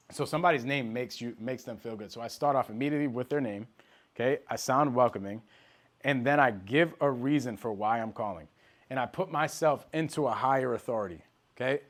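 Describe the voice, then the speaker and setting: Emphatic male sales trainer. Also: medium pitch. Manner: direct, emphatic, talks straight to trainees by name. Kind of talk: live sales training talk.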